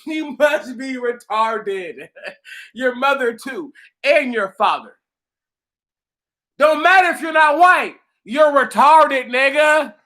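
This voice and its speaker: A man's voice: extremely high pitch, lively intonation, slow, bright, forceful tone. A man hosting his own channel, delivering a heated, profane, mocking rant at commenters. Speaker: channel host answering commenters.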